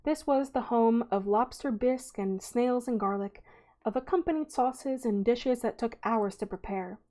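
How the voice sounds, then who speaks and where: A woman reading a children's novel aloud in a relaxed, unhurried way, with small slips as she goes. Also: a little high.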